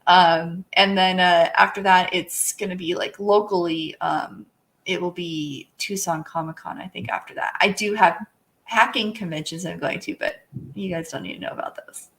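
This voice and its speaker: A woman co-hosting a casual livestream talk show, chatty and quick to laugh, often trailing off and correcting herself. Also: lowish voice, steady tone, a bit bright. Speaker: podcast co-host.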